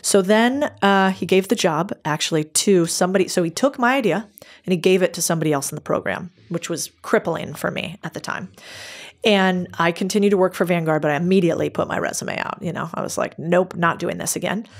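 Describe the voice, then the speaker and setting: A woman speaking as a podcast guest in a casual interview, telling stories in a lively, brisk and candid way. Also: fairly low pitch.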